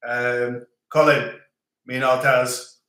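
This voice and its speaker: A middle-aged man, hosting a livestream and reading out viewer comments in a relaxed, chatty way with frequent laughs. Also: mid-range voice, takes it slowly. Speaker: livestream host. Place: home in rural France. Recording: echoey room.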